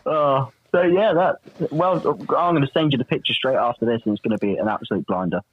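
A man's voice: mid-range voice, a little fast, husky, narrow, tinny audio. A man, a guest on a casual podcast, teasing the hosts in a dry way.

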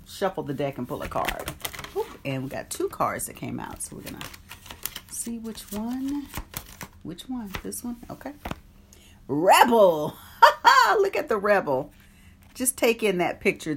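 A woman's voice: low voice, background noise. A woman hosting an online meditation group, chatting casually, greeting viewers by name and reading from an oracle card. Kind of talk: casual live-stream chat and card reading.

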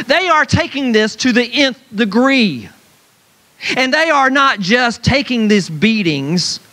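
Animated high-voiced male preacher. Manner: animated, acts out mocking voices of people; repeats "right?" to the congregation. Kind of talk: sermon.

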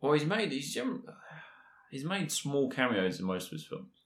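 A man co-hosting a casual quiz chat, talking in a relaxed, rambling way. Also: mid-range voice, normal speed. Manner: relaxed, rambling, restarts sentences often. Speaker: quiz co-host. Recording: roomy echoey room.

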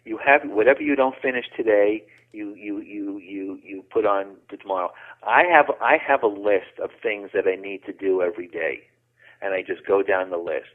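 A man's voice: on the low side, moderate pace. A man speaking as an interview guest, emphatic and repeating his opening words before finishing a thought. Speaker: guest, coaching website founder. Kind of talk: interview conversation. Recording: tinny phone line.

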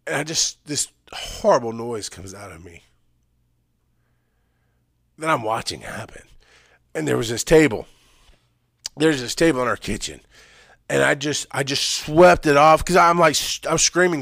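A man telling an emotional personal story, swinging from loud, urgent emphasis to hushed, halting recall. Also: fairly high pitch, lively intonation, no room sound, clean studio sound. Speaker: speaker sharing personal story.

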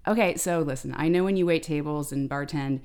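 A woman co-hosting a podcast, telling stories in a lively, ranting, freely swearing way. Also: deep voice, a little fast. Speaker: podcast co-host. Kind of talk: casual chat, storytelling.

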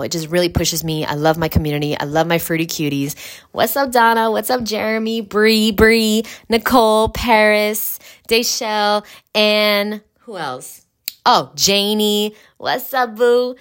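A woman with a notably low voice for her sex hosts a solo podcast, speaking in a loose, chatty monologue full of asides. She talks bluntly and emphatically and swears freely. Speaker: podcast host.

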